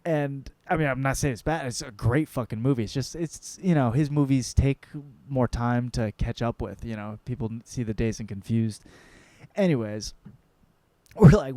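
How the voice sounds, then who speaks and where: A young man, hosting his own podcast, tells a story in a rambling, excitable way and swears often. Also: mid-range voice, moderate pace, no echo. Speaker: podcast host. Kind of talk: casual storytelling monologue.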